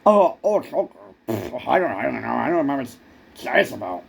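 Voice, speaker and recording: A man's voice: mid-range voice, big pitch swings, normal speed, creaky, slightly rough. A man in a rambling comic monologue who stammers and keeps repeating words.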